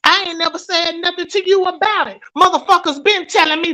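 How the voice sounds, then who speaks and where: High-pitched woman vlogger, fired up, cussing out a rival. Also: steady tone, brisk, hardly any pauses, pushed and bright, poor audio. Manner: profane, confrontational. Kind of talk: heated rant.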